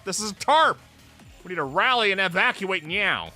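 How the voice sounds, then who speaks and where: A man streaming a story game, reacting to the scenes in a profane, mock-exasperated way and yelling at the characters. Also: sits high, wildly swooping pitch, fairly quick, faint music behind. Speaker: VTuber streamer.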